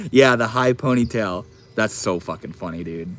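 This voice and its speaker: A young man casually chatting on a live stream, reading and answering chat messages in a relaxed, profane drawl. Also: mid-range voice, measured pace. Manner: laid-back, swears often, drawls.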